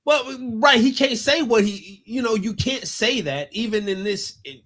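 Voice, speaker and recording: A man's voice: very high voice, expressive, fairly bright tone. A man co-hosting a casual sports talk show, often stopping and restarting his sentences as he makes a point. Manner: halting, frequent restarts. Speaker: podcast co-host.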